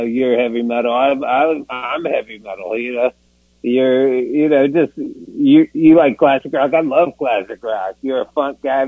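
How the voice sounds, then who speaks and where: Sharing at a recovery meeting, he tells his personal story in a mid-range voice, wandering off track and poking fun at himself. He frequently laughs at his own expense, and "you know" fills the gaps. It sounds tinny and phone-like, dry, with no echo.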